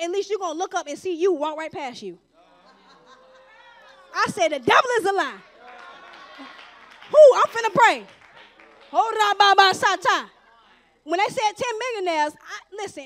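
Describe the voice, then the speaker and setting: A woman giving a lively, conversational testimony from a church pulpit, acting out bits of dialogue. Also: very high voice. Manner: lively, conversational preaching with asides and acted-out dialogue. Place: church sanctuary.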